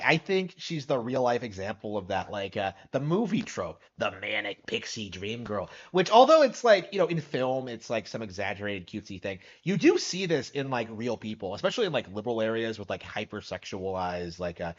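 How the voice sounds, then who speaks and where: Guy streaming a reaction, lively up and down voice, kinda muffled lo-fi sound, talks around in circles. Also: on the low side, brisk, hardly any pauses. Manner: skeptical, incredulous, rambling with many "like" fillers. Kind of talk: live stream reaction commentary.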